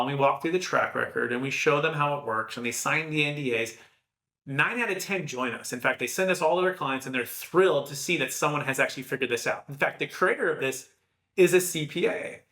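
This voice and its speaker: Bright-voiced man pitching in an echoey room. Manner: energetic storyteller acting out dialogue. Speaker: tax strategy advisor. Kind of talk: podcast talk, persuasive pitch.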